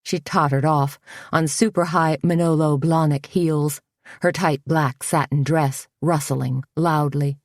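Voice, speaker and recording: Low, slow woman narrator. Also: fairly even intonation, no room sound, studio quality. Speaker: audiobook narrator. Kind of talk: scripted narration.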